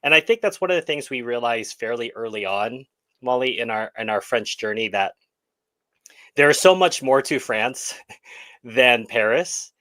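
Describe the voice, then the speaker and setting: A man's voice: medium pitch, expressive, moderate pace, pushed and bright, no echo. A man co-hosting a casual live chat, talking in a reflective, playful way. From United States. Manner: chatty, reflective, playful asides. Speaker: co-host.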